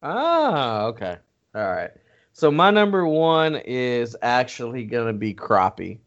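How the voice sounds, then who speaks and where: A man's voice: mid-range voice, unhurried, highs cut off. A man co-hosting a casual chat, explaining things easily and step by step. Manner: relaxed, easygoing, explains step by step.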